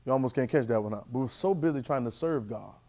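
A man teaching a Bible class in a sermon style, animated, with constant call-and-response checks of his listeners. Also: mid-range voice, fast. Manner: repetitive call-and-response, keeps asking "right?"; animated, swings loud and soft.

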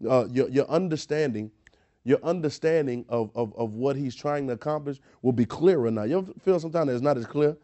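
A man's voice: medium pitch, brisk, dark tone. A man preaching a sermon, emphatic and repetitive, asking rhetorical questions and often restarting his words. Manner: frequent word repetitions and restarts.

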